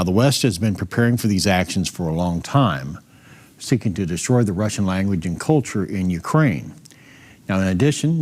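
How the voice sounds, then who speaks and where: A man reading out news reports in a steady voice, then adding his own comment. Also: fairly low pitch.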